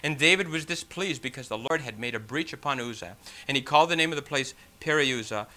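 Bright-voiced male preacher. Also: medium pitch, fast talker. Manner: reads scripture, then preaches with animated emphasis and rhetorical questions; folksy asides, frequent "you know". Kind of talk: sermon with scripture reading.

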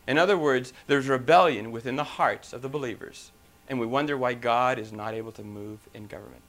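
A man's voice: mid-range voice, fairly quick, fairly bright tone. A man preaching a sermon, talking emphatically with rhetorical questions and a few restarts.

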